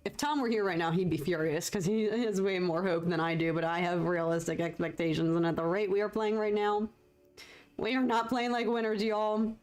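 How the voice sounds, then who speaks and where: A woman's voice: mid-range voice, fairly even intonation, moderate pace, a little mellow. A young woman, chatting casually with her viewers as she paints on a livestream, laughing often and thanking people in chat. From United States. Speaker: livestreaming artist.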